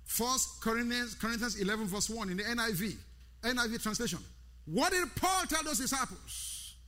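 A man's voice: very high voice, expressive, normal speed, pushed and bright. A man preaching a sermon, repeating key words with rising emphasis and calling out to his congregation. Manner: calls out to the congregation by name. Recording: long hall reverb.

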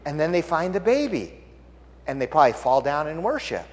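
Pastor, male, lively high voice, dramatic hushed-to-loud delivery, reverberant church hall. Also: a little fast. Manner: animated storytelling, swinging from hushed to loud. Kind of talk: sermon.

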